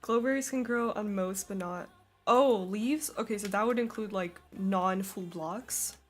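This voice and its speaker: A woman's voice: mid-range voice, unhurried, faint music behind. Giggly young woman chatting on stream. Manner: giggly, chatty, frequent laughs. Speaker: streamer drawing and reading chat. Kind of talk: casual live-stream chat. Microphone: desk microphone.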